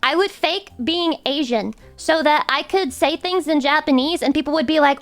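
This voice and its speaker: Young Southern woman streamer, high voice, faint music underneath, cusses a lot, playful. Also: brisk, few pauses. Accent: Southern American. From American South. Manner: swears freely, playful and loud with sudden high squeals. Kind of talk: casual stream chat reading viewer messages.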